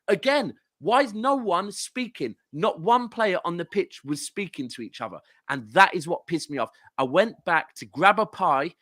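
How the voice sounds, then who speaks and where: A man's voice: fairly high pitch, a bit bright, no echo, studio quality. A man with a southern English accent, a guest football fan ranting animatedly and swearing in casual podcast chat. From southern England.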